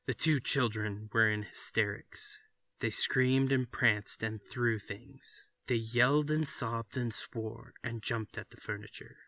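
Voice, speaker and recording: A man reading a short story aloud with even, deliberate narration. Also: medium pitch, no room sound. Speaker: reader.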